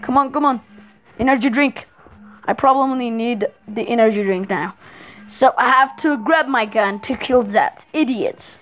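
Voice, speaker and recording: Excitable high-voiced woman gaming. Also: unhurried, poor audio. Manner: excitable, repeats words in bursts. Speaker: gameplay streamer. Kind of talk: live horror game commentary.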